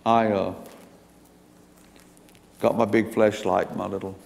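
An older man tells a personal story to an audience in a folksy, meandering way. His voice sits low and is gravelly, with a touch of fry. The sound carries a long reverb from a large hall. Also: level tone, slow pace, darkish tone. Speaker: speaker giving a testimony.

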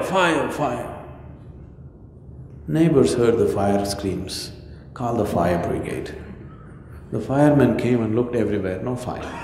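A man's voice: lowish voice, a little hiss or hum. A man giving a spiritual talk, asking rhetorical questions and slipping in jokes. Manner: rhetorical questions, joking asides. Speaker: spiritual teacher. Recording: reverberant hall with soft music.

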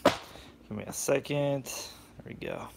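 A man chatting on a live cooking stream, greeting viewers by name with sudden animated bursts, recorded on a phone on a selfie stick in a home kitchen. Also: mid-range voice, slow, vocal fry, noisy background.

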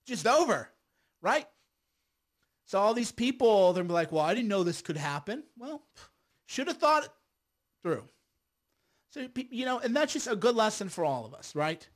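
A middle-aged man delivers a combative, casual monologue to his viewers. His voice sits fairly high for a man, and he restarts phrases, repeats words and checks in with "right?" as he argues his point. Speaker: lawyer and filmmaker.

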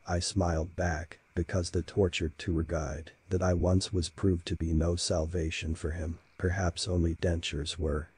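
Male horror narrator, very deep and dark-toned, slow and dramatic. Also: level tone, husky, no echo. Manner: slow, measured, dramatic reading.

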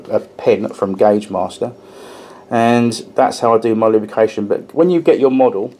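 Bloke chatting through a model train review, mellow low voice, lots of ums. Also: male voice. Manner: chatty, with frequent ums and restarts, stresses small details. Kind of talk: casual hobby review, explaining hands-on.

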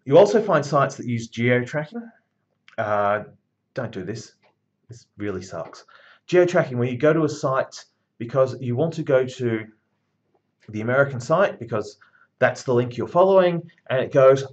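A man's voice: medium pitch, lively intonation, normal speed, dull audio. Blunt, emphatic male lecturer. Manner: conversational, emphatic, blunt asides. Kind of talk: recorded university lecture.

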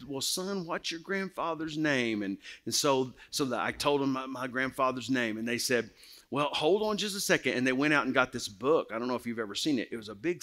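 A man's voice: medium pitch, sharp tone. A middle-aged male pastor, telling a personal story in an earnest, emotional sermon with many restarts.

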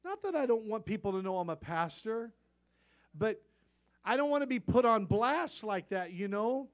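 High-voiced pastor preaching a folksy sermon. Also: male voice, lively intonation, normal speed. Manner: folksy storytelling, rising to emphatic peaks.

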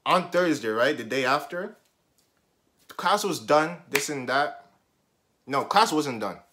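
A young man recounting a school story in a loose, slangy vlog, his voice swinging widely up and down as he gets worked up. He sits a little higher than most men, and he flips between loud bursts and low, mumbled side comments. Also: slow pace, slight background noise. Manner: animated slangy storytelling with heavy swearing; jumps between loud outbursts and muttered asides. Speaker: vlogger telling a story.

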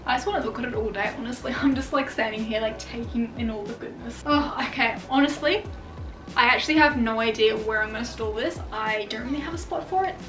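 A young woman, a fashion vlogger, chatting excitedly in her bedroom with lots of fillers. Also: a little high, fast talker. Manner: gushing, filler-heavy, excitable. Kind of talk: casual vlog chat. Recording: echoey room, far from mic, music behind.

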